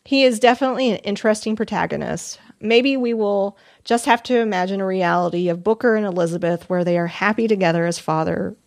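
A woman's voice: mid-range voice, quick pace, vocal fry, few pauses, no echo, studio quality. A woman co-hosting a gaming podcast, reading listener emails aloud in a chatty, giggly way with small stumbles. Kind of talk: casual podcast chat.

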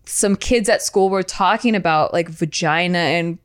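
A woman's voice: lowish voice, moderate pace, clean tone. A woman telling stories in a casual chat, filling her talk with "like" and getting worked up as she goes. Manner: storytelling, heavy use of "like", gets worked up and loud.

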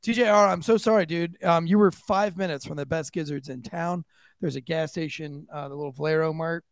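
A man's voice: fairly high pitch, fairly even intonation, brisk, no echo, studio quality. A man co-hosting a podcast, talking in a chatty, teasing way full of fillers. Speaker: podcast co-host. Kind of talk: casual chat.

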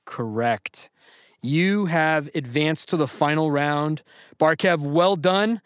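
A man's voice: a little high, slow pace, fairly bright tone, clean tone, no room sound, clean studio sound. A man hosting a podcast trivia quiz, reading questions to callers and hyping them up with playful banter. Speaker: podcast host and quizmaster.

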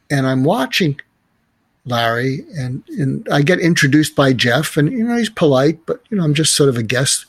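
A man's voice: medium pitch, dry recording. A man, a podcast guest, telling stories and giving advice in an earnest, reflective way. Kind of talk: conversational storytelling.

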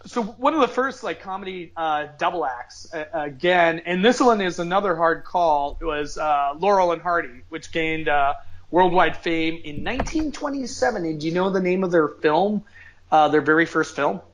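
A man co-hosting a casual podcast chat, joking and halting with fillers. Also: on the high side, expressive, fairly bright tone, poor audio. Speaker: podcast co-host.

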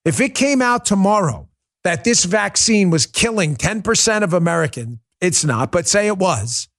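A middle-aged man hosting a political talk show, delivering a heated, forceful monologue with emphatic repetition. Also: high voice, sing-song, moderate pace.

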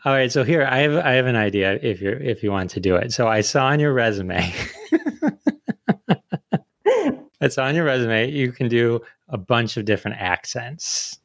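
A man hosting a casual chat, playful and quick to laugh, with lots of filler words. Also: mid-range voice, animated, a bit bright, dry recording, clean studio sound. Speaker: host.

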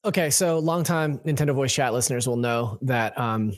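A man talks on a podcast with easy enthusiasm, rambling loosely as he explains his views. His pitch is ordinary for a man. The recording is dry and close-miked. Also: normal speed, no echo. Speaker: podcast co-host. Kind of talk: casual podcast chat.

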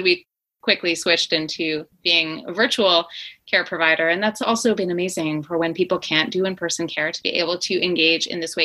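A middle-aged woman speaks as an interview guest, eager and quick, full of restarts. Her voice sits a little low but rings bright and forceful. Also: poor audio. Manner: enthusiastic, quick, fillers and restarts. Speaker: guest, company founder. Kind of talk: conversational interview.

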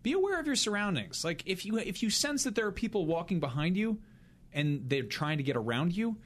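Dude on a game podcast going off on a rant, voice jumps all over. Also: male voice, high-pitched, fairly quick. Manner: animated, ranting. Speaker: podcast co-host. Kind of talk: casual chat.

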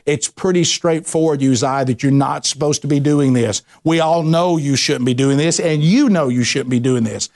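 A male pastor delivering a sermon in a lively, conversational preaching style. He restarts phrases and stacks repetitions as he builds a point, and his voice climbs in pitch whenever he leans into an emphasis. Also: normal speed, hardly any pauses. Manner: animated preaching with frequent restarts and rising emphasis.

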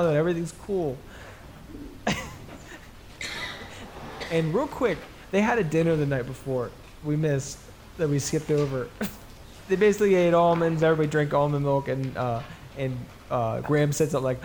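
A man's voice: medium pitch, moderate pace, vocal fry, a little mellow. A man hosting a comedy podcast, rambling through a profane, joking movie retelling and laughing at his own jokes. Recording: noisy background.

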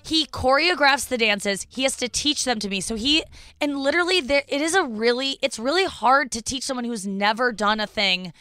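A woman's voice: on the high side, normal speed, bright, forceful tone, smooth, no echo, clean studio sound. A woman hosting a podcast in casual chat, rambling and self-deprecating with many fillers and restarts. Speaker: podcast host.

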